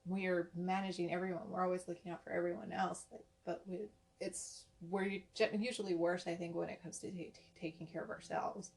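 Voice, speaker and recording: Woman, podcast host, fairly low voice, gravelly fry, supportive casual chat. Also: level tone, fairly quick, hardly any pauses, a little mellow. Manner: supportive, reflective, frequent "like".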